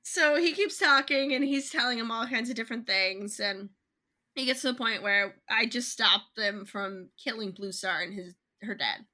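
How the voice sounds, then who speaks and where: A young woman co-hosting a casual book podcast, retelling a story in a chatty way with quick voiced asides. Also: mid-range voice, bright, forceful tone. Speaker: podcast co-host.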